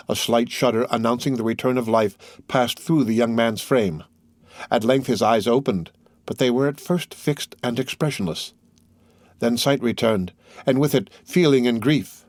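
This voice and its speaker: A man narrating a classic novel as an audiobook in a measured, steady reading. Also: mid-range voice, dry recording, studio quality.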